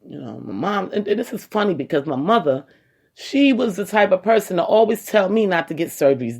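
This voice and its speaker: A woman talking casually to her viewers, retelling a personal story in a dramatic, animated way with many quoted asides. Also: lowish voice, brisk, slightly rough. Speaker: vlogger.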